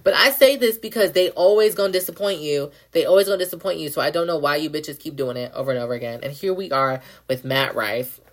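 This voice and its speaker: A woman's voice: low-pitched, fast, few pauses. Blunt, profane young woman ranting. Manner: repeats phrases, many "like" fillers. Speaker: podcast host. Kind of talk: casual rant monologue.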